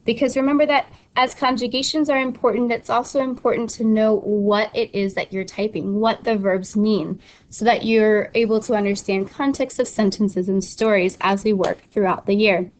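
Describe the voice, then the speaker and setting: A woman's voice: mid-range voice, steady tone, normal speed. A young adult woman teacher explaining an online study tool step by step, casual and instructive with frequent ums and restarts. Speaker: Spanish teacher. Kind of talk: screen-recorded tutorial walkthrough.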